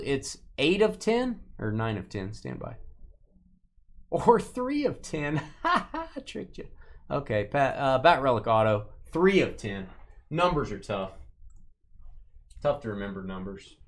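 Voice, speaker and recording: A male break host with a lively, bouncing voice that rises and falls as he calls out cards. He jokes and teases viewers by name in a casual, chatty way. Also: fairly high pitch. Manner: joking, teasing viewers by name. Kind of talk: live sports card break commentary.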